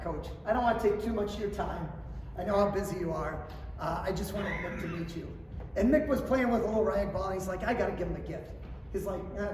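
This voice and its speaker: Middle-aged male clinic speaker, high voice, storytelling talk heard from a distance in a big room. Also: slight background noise. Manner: storytelling, acting out quotes, swings from quiet to shouting. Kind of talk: motivational speech to coaches. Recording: roomy hall, distant mic, faint ambience.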